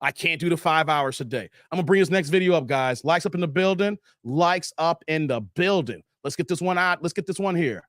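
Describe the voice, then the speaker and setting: A man's voice: fairly high pitch, brisk, hardly any pauses, a bit bright, no room sound, clean studio sound. A middle-aged man hosting a live stream, chatting casually with his viewers and reading their comments aloud. He laughs often, repeats his phrases, and his voice is tired from hours of streaming.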